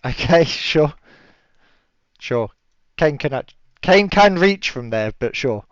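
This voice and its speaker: A man's voice: fairly high pitch, expressive, slow pace, no room sound. A man running a tabletop game as game master, chatty and laughing often, with lots of fillers. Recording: dull lo-fi audio.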